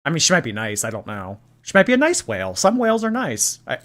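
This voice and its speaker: A woman's voice: low-pitched, huge pitch swings, fast, fairly bright tone. A woman hosting a livestream, chatting sarcastically and reading viewer messages aloud, with a light lilt. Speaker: host. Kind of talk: casual livestream commentary.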